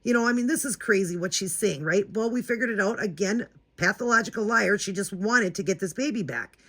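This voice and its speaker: Fast-talking, bright-voiced woman vlogger. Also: medium pitch. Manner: chatty, indignant, talks to viewers directly. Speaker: doll-collecting channel host. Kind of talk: casual storytime vlog.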